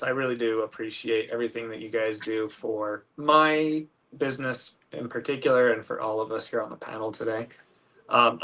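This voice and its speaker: A man guests on a podcast and delivers a friendly, promotional sign-off. He sits some distance from the mic, so his mid-pitched voice sounds thin and far off. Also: pushed and bright. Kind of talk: casual sign-off plug.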